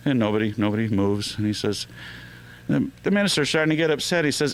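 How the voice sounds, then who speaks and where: A man's voice: low-pitched, fairly quick, slight background noise. A man hosting a radio show, telling joke after joke in a loose, joking way with lots of fillers. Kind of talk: telling jokes on air.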